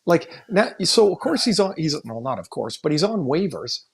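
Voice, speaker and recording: Man, gravelly voice, podcast co-host, casual hockey talk, thinks aloud, candid. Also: on the high side, very animated, moderate pace, a crowd in the background. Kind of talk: casual sports chat.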